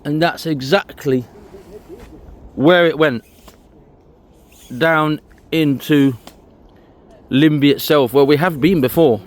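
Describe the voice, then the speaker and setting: A man's voice: on the high side, slow, pauses often. Chatty man on a countryside walk. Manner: chatty, pointing things out while walking outdoors. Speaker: walking vlogger. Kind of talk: casual walking commentary to camera. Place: outdoors on a disused railway trail.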